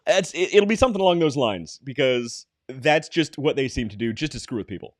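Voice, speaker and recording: A man co-hosting a podcast, joking around in casual banter with deadpan mock-serious news. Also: medium pitch, fairly quick, dry recording, studio quality. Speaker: podcast co-host.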